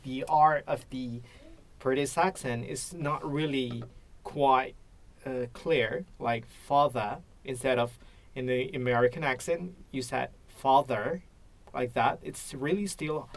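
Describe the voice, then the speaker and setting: Slow, hesitant Indonesian man speaking English. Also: medium pitch, gravelly. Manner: hesitant, repeats and restarts while searching for words. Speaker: English learner and teacher. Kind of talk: practice conversation.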